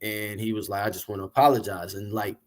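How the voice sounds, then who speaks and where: A man being interviewed, telling long, animated, profane stories about the music business in a casual way. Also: on the low side, fast talker. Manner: animated, profane, rambling storyteller. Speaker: interview guest, music industry figure.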